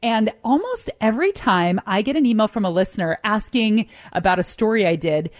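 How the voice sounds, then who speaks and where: A woman's voice: medium pitch, expressive, fairly quick, no room sound, studio quality. Chatty woman radio reporter. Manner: wry, chatty storytelling. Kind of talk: casual radio banter.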